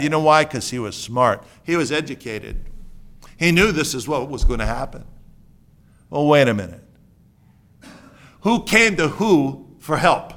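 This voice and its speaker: A male preacher delivers a sermon with a bright, slightly high voice. He talks casually and jokes with the congregation. He moves between hushed asides and loud outbursts.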